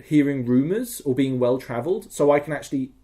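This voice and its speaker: A man's voice: mid-range voice, lively intonation, brisk, dark tone. A young man talking as a podcast guest in casual chat, rambling and enthusiastic, swearing freely.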